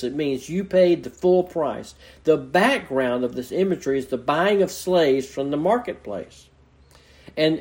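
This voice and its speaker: A man's voice: fairly high pitch, darkish tone. A man preaching an expository sermon, earnestly explaining scripture verse by verse in a teacherly way. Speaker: pastor.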